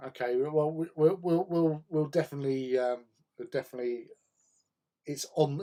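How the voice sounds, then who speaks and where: A man hosting a casual hobby livestream, chatting in a relaxed way and answering viewers' chat while he paints. He often repeats words as he thinks. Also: mid-range voice, brisk. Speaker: livestream host.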